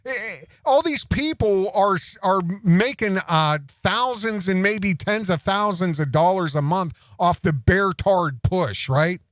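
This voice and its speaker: A man's voice: sits high, a little slow, few pauses, fairly bright tone, no room sound, studio quality. A man hosting a commentary show, ranting in a sarcastic, mocking way with lots of swearing.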